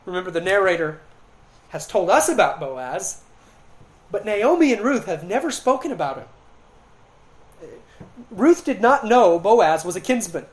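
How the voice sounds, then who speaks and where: A man delivering an impassioned sermon from the pulpit. He swings from quiet, hushed reflection to loud, fervent appeals, acting out the people in the passage. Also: high-pitched, sing-song, a little slow, long pauses, low-quality recording. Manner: impassioned preaching with dramatic retellings of scripture. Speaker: pastor.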